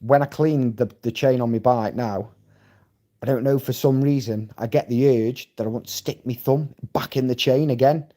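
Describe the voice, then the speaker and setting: A man's voice: medium pitch, steady tone, normal speed, warm tone. A Scottish man chatting casually on a live stream, rambling and swearing bluntly as he reads and answers viewer comments. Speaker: livestreamer.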